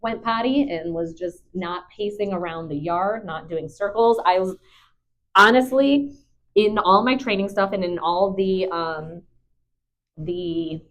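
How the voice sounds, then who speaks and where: A woman's voice: medium pitch, a little slow. A young woman, a dog trainer, chatting casually and bubbly with many fillers into a clip-on mic. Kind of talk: casual vlog chat.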